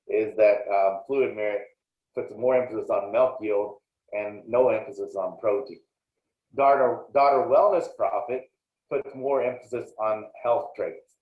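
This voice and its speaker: Man, extension lecturer, explanatory and plainspoken; roomy, dull recording. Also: mid-range voice. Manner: plainspoken and explanatory, with frequent small restarts.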